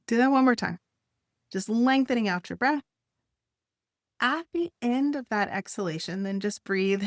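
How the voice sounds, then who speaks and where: Gentle woman guiding a breathing exercise. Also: mid-range voice, no room sound, studio quality. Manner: gentle, encouraging, unhurried guidance with soft laughs. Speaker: wellness instructor.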